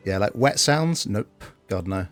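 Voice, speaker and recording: A man's voice: fairly low pitch, expressive, a little slow, faint music behind. A man streaming a game, chatting casually, reading chat aloud, laughing and swearing freely.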